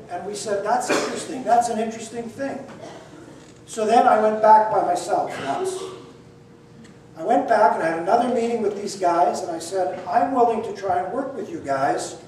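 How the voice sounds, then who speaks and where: An older man telling a personal story in an animated, self-deprecating way, acting out the dialogue himself. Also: sits high. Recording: echoey room, distant mic, faint noise.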